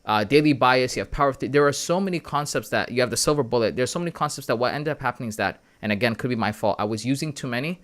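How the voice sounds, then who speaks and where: A man from Canada hosting a casual live stream. He chats with his viewers in a relaxed, friendly way about his trading, often calling them bro and man. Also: mid-range voice, rapid-fire, hardly any pauses. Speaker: livestream host sharing trading analysis.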